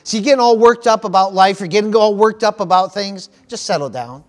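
High-voiced preacher with frequent praise interjections. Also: male voice, fairly quick. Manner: repeats himself, interjects praise. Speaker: pastor. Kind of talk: sermon.

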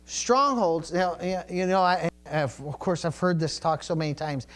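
Middle-aged man, pastor, chatty sermon, story-driven, slightly high voice. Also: moderate pace, fairly bright tone. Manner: conversational storytelling preaching with asides.

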